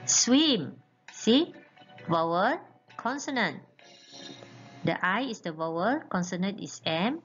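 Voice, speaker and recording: A woman's voice: mid-range voice, expressive, slow pace, long pauses, a bit bright. A woman teaching an English grammar lesson, patiently spelling out letters and often checking in with "okay". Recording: muffled lo-fi recording with faint music.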